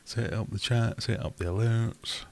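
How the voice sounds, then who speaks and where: A man's voice: fairly low pitch, fairly even intonation, normal speed, gravelly, darkish tone. A man hosting a casual live stream, chatting in a rambling, self-deprecating way.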